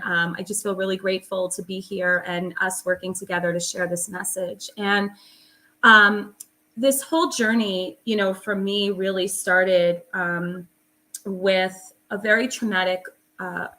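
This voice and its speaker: Bright-voiced earnest woman guest. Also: mid-range voice. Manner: earnest, emphatic, many fillers. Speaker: guest, holistic psychologist. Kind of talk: conversational interview storytelling.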